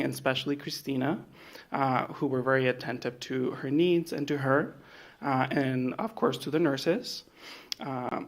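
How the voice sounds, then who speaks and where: Man, interpreter at a ceremony, steady mid-pitched delivery with uhs. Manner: steady, filler uhs between phrases. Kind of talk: summarizing a translation.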